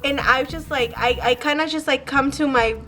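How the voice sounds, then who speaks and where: A young woman rambles through a story for her vlog, swearing freely and filling every gap with "like". Her voice sits high and sounds bright and sharp, with soft music faintly underneath. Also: steady tone, moderate pace. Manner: rambling, profane, heavy use of "like". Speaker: vlogger.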